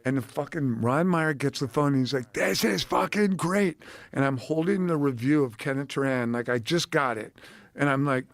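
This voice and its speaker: Animated profane man telling stories. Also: medium pitch, brisk, dry recording. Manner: animated, profane, acts out quoted voices. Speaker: guest, actor turned director. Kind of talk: casual storytelling on a podcast.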